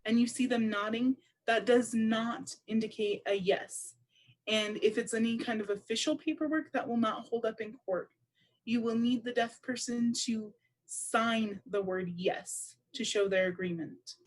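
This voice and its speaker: A woman interpreting aloud for a deaf presenter at a public seminar, speaking in a measured, explanatory way. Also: fairly high pitch, fairly even intonation. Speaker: sign language interpreter voicing a deaf presenter.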